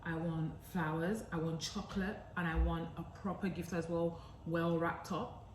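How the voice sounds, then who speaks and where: A woman's voice: fairly low pitch, moderate pace, echoey room, slight background noise, rough recording. A young woman, a vlogger telling a dramatic story while she cooks in her kitchen. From England. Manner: animated, dramatic storytelling that acts out both sides. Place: home kitchen.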